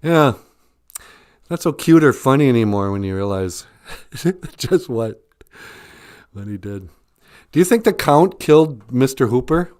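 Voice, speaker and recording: A man's voice: mid-range voice, animated, unhurried, long pauses, darkish tone. A man hosting a casual live stream, rambling and joking while he reads out viewer comments.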